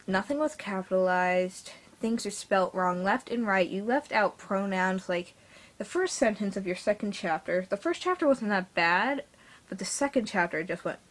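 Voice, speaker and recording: A woman giving a casual vlog review, rambling with lots of fillers and restarts, blunt but apologetic and self-deprecating. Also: medium pitch. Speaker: fan fiction reviewer.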